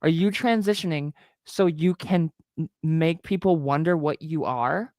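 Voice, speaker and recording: A woman guest on a live stream, talking in an animated, indignant way with frequent restarts. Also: low-pitched, measured pace, no room sound, studio quality. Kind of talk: casual live stream chat.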